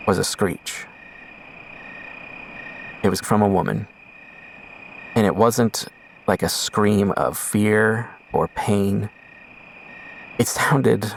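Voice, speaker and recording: A man hosting a podcast, telling a first-person story slowly and deliberately, with suspenseful pauses. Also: fairly low pitch, gravelly, in a large hall, slight background noise. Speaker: podcast host.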